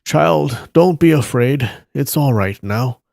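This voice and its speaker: A man voicing a gentle elderly master. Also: on the high side, animated, measured pace, gravelly, no echo, pitched above the performer's own voice. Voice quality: soft, gentle. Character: kindly elderly male master, gentle and calm.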